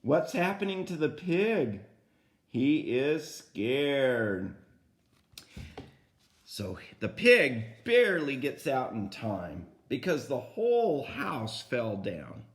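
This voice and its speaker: An older man reading a picture book aloud to a child, animated and often asking the listener questions. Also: mid-range voice, slow. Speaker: grandfather storyteller.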